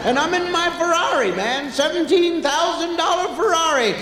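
Male stand-up with a high, lively voice. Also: noisy background. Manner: drawn-out timing, sudden loud chants and shouts. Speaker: stand-up comedian. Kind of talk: stand-up storytelling. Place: large hall with a live audience. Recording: echoey hall, live stage recording.

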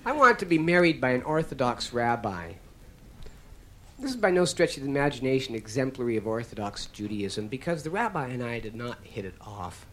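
Wry, animated stand-up comedian in his thirties. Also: mid-range voice, brisk. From Canada. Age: 30s. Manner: wry, animated storytelling with sudden loud punchlines. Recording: noisy live comedy recording.

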